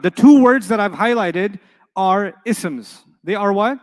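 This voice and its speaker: A man's voice: high-pitched, expressive, normal speed, big-room sound. A middle-aged man teaching Arabic to a live class, playful, quizzing his students and answering his own questions.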